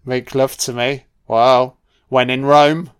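Male commentator, mid pitch, swears a lot, joking and casual. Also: little pitch movement, takes it slowly, clear, resonant tone. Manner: profane, jokey, heavy swearing. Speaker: film commentator.

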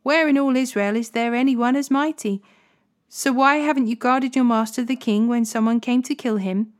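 A woman's voice: fairly high pitch, fairly even intonation, moderate pace, a little mellow, lightly acted. A woman reading as young warrior David. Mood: taunting. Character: young male warrior David, pleading and defiant.

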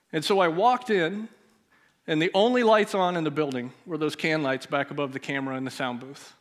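A pastor telling a personal story in a sermon, his voice dropping to a near hush at the emotional moments. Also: on the high side. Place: church sanctuary.

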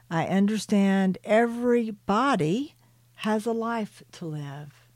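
An older woman reads her own spiritual story in a soothing voice, stopping for gentle personal asides to the listener. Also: medium pitch, animated. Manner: slow and soothing, calls listeners "beloved". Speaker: author and spiritual channeler.

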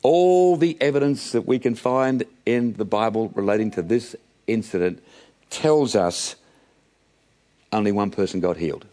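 A man's voice: lowish voice, a little slow, warm tone. A middle-aged man preaching a sermon, calling his listeners friends and acting out the voices of Bible characters.

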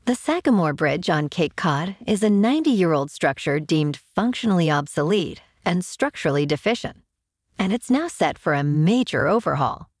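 A woman hosts a podcast in a low, slightly husky voice that moves lively through her range. She reads scripted news and signs off in an upbeat, chatty way. The sound is close and dry, with faint music under it. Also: normal speed, dry recording. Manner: upbeat, chatty sign-offs. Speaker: podcast host.

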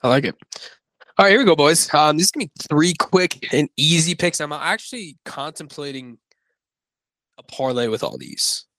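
A man's voice: on the high side, expressive, moderate pace, a bit bright, dry recording, rough recording. A man co-hosting a casual podcast, rambling and correcting himself as he talks through his picks. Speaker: podcast co-host. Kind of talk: casual sports-betting chat.

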